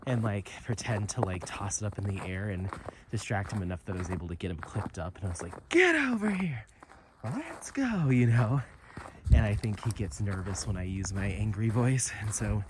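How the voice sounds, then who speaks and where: A man with a somewhat low voice talks casually on an outdoor trail, wandering from thought to thought with plenty of fillers. Heavy outdoor noise runs loudly behind him. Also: steady tone, a little fast. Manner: rambling and chatty, with many fillers. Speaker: vlogger. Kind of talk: casual walk-and-talk vlog. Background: loud outdoor noise.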